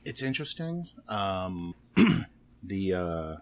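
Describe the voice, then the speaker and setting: A man talking casually on a podcast, halting and full of ums and restarts. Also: low voice, sing-song. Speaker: podcast guest.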